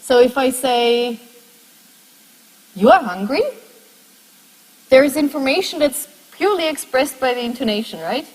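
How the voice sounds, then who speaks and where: A woman's voice: high voice, big-room sound, rough recording. A woman lecturing a university class, explaining step by step and putting questions to her students.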